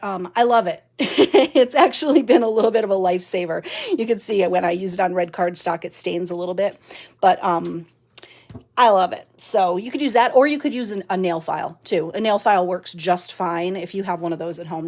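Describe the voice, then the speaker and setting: A woman's voice: lowish voice, darkish tone. Chatty woman demoing card crafts. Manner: chatty, laughs often, many fillers. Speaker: card-making demonstrator. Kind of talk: live-stream craft demo. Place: home craft room. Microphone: mounted camera.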